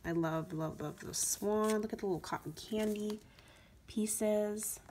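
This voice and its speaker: A woman vlogging from home, unboxing craft supplies in an excited, gushing way that is full of "like" and "oh my gosh.". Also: mid-range voice, a little slow, slight background noise. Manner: gushing, says "like" and "oh my gosh" often.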